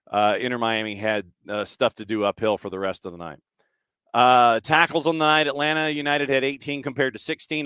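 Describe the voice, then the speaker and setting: A man's voice: mid-range voice, fairly bright tone, clear, resonant tone, dry recording, studio quality. A man hosting a sports talk show, going through match stats and broadcast news in a loose, rambling way, full of "uh" and repeated phrases. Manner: rambling with many fillers, repeats phrases for emphasis. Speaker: podcast host.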